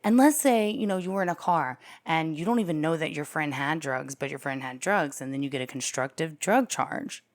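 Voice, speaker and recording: A low-pitched woman talking through a criminal case in a casual, chatty way. She jokes at her own expense and often jumps up into loud, excited exclaims before dropping back to an offhand tone. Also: normal speed, few pauses. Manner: chatty and irreverent, laughs at herself, swings into loud exclaims. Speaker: true crime commentator. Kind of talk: casual legal commentary to camera.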